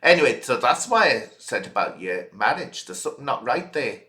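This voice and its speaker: A man's voice: medium pitch, sing-song, fairly quick, bright, forceful tone, reverberant. A man hosting a reaction video, scolding his critics in an indignant, direct rant. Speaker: channel host.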